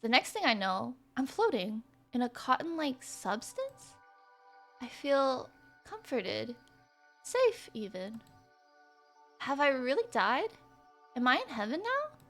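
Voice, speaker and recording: A woman's voice: sits high, big pitch swings, takes it slowly, pauses often, a bit bright, faint music behind, heavily acted. A young woman voicing a weary, self-pitying young woman office worker, reading the game's lines aloud in her own voice. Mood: dreamy. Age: young adult. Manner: reads lines in her own voice, dramatic on pain. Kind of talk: voicing a game character aloud.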